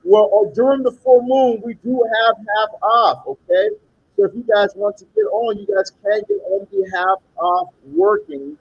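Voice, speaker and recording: High, gravelly man pitching spells. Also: expressive, unhurried, highs cut off. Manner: salesy, repeats okay and you guys. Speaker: tarot reader and spell seller. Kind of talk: sales pitch and tarot reading.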